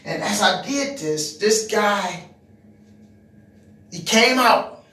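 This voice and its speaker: A man's voice: high-pitched, animated, drawn-out words, bright, forceful tone, echoey room, recorded from a distance. A man telling a personal testimony, repeating words and restarting his sentences, building to emphatic moments. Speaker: speaker giving a personal testimony. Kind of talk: testimony storytelling.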